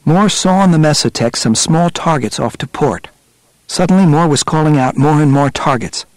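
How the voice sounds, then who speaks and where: A man narrating a nonfiction adventure audiobook in a steady, measured storytelling manner. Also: on the high side, dry recording.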